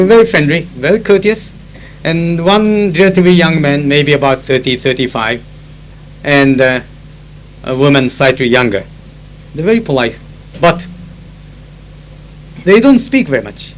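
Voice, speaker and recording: A man's voice: a little high, poor audio. A man with a Japanese accent, a conference interpreter, chatting through anecdotes with many fillers. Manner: switches into Japanese to explain phrases. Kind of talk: recorded spoken diary. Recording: old tape with faint hum.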